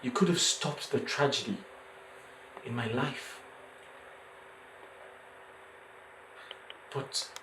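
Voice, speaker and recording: A bitter Nigerian husband. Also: male voice, medium pitch, a little hiss or hum, poor audio. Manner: bitter, accusing, shouting at times. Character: heartbroken, bitter young husband. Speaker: wronged husband. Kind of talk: Nollywood screen acting. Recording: film soundtrack with music.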